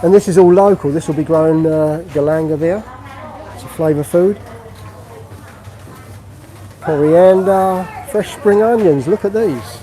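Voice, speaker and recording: A man's voice: on the high side, a little slow, pauses often, mellow, rough recording. A man from England chatting casually on a live stream while he walks through an outdoor market, explaining what he shows. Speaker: vlogger.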